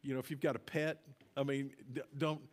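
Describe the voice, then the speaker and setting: A male pastor giving a conversational sermon in a church, earnest and halting, asking the congregation to repeat words after him. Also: mid-range voice, level tone. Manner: earnest, halting, leads congregation call-and-response. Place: church sanctuary.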